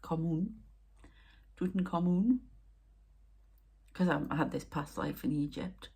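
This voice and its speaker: Her voice sits low, brisk and creaky with a breathy edge, as this spiritual medium and channel host rambles through casual spiritual vlog talk. Emotional and upset, she often falls to a near whisper.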